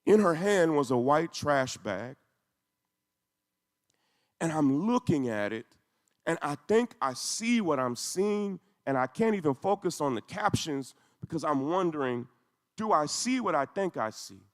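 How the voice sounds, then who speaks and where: A man's voice: fairly high pitch, lively intonation, measured pace. Intense man telling a story in a hall. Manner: intense, storytelling with rising emphasis. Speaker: speaker. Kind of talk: emotional speech to a congregation. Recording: echoey hall.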